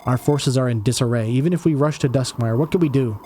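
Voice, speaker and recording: A man's voice: mid-range voice, fast talker, warm tone, a little hiss or hum, lightly acted. A man voicing a worried pleading noblewoman. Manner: anxious and pleading. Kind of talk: fan audio drama acting.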